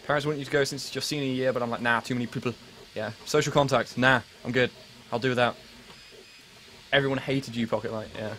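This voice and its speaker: Rambling English teen streamer. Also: male voice, medium pitch, steady tone, fast, fairly bright tone, slight background noise, low-quality recording. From England. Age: late teens. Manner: rambling and self-mocking, full of fillers and restarts. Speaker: livestream host. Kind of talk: casual live-stream chat, answering viewers.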